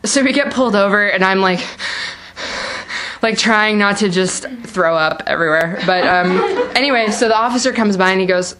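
A woman's voice: medium pitch, normal speed, a bit bright. A woman telling a personal story aloud, rambling with lots of fillers and frequent laughter. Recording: noisy live recording.

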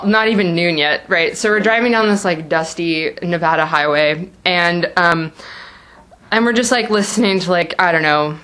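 A woman's voice: lowish voice, a bit bright. A woman telling a personal story aloud, rambling with lots of fillers and frequent laughter. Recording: noisy live recording.

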